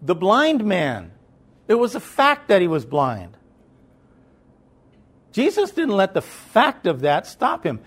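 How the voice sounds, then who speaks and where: A man preaching a sermon in a conversational tone. He often checks whether the listeners are following, then rises into loud, emphatic preaching. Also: high-pitched, huge pitch swings, slow pace, long pauses, husky.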